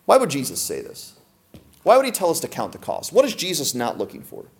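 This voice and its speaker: A man's voice: on the high side, huge pitch swings, brisk. A man preaching a sermon to a congregation, emphatic and full of rhetorical questions. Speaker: pastor.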